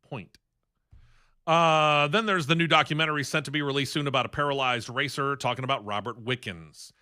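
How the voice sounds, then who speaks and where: A man's voice: mid-range voice, steady tone, a little fast, pushed and bright. A man hosting a sports talk radio show in a studio, running through racing news in a chatty, opinionated way.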